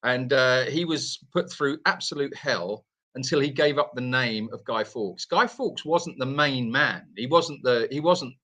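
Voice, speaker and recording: A man with a middle-pitched voice telling rambling, jokey stories on a live stream. He talks casually and laughs often at his own tales while co-hosting a Q&A from an animal sanctuary. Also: a little slow, few pauses, sharp tone.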